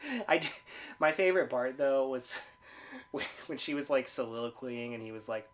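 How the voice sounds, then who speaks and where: A man's voice: medium pitch, moderate pace, a little hiss or hum. A man from the United States co-hosting a casual chat, laid-back, swearing and laughing often. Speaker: podcast co-host.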